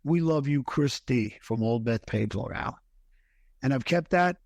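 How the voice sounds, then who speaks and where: A man's voice: mid-range voice, lively intonation, darkish tone, no room sound. Earnest middle-aged man telling his story. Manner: halting, earnest recounting with restarts, voice thickening with emotion. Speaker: guest, retired firefighter. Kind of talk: personal storytelling in a podcast interview.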